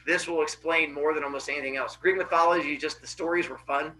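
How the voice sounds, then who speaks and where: A man's voice: a little high, fairly even intonation, fast, pushed and bright, slight background noise, low-quality recording. A male teacher dramatically retelling a Greek myth to his class in a casual, playful way. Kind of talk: animated classroom storytelling.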